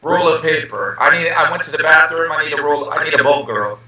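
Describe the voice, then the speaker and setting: Man, english teacher, playful, hesitant, very bright tone, echoey room, distant muffled call audio. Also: fairly high pitch, expressive, fairly quick. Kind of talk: live-streamed lesson chat.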